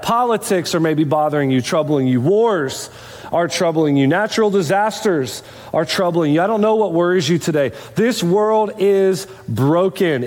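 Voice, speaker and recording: A man preaches to his congregation in a notably high voice, talking to them directly and asking them questions. His words ring out with a long reverb from the church sanctuary. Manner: conversational preaching with rhetorical questions. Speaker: pastor. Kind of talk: sermon.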